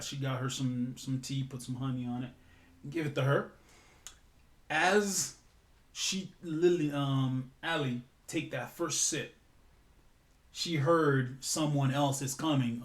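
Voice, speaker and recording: A man telling an improvised story in a casual, rambling way, correcting himself and swearing now and then. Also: mid-range voice.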